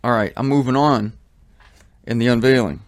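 A man's voice: medium pitch, fairly even intonation, moderate pace, no echo. A man preaching a sermon on headphones in a blunt, indignant, emphatic way. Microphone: headphones on, close mic.

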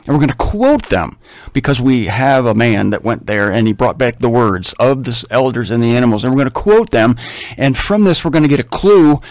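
A male Bible teacher talks his listeners through the text in an easygoing, lively way. He drifts into wry jokes and then comes back to the point. His voice sits in a middle register and is captured dry and close. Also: medium pitch, fairly quick, no room sound. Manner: chatty, wry asides, animated.

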